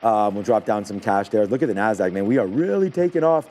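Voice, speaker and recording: Male trading host, live commentary, loose and rambling, relaxed dark timbre. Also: on the low side, fast talker. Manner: rambling, excitable, filler-heavy.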